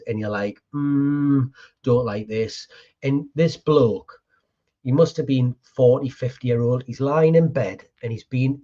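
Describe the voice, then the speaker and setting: Husky-voiced man telling casual stories. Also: mid-range voice, muffled recording. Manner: lively anecdotes with laughter and colloquial slang. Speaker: podcast host, pest control business owner. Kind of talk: casual storytelling chat.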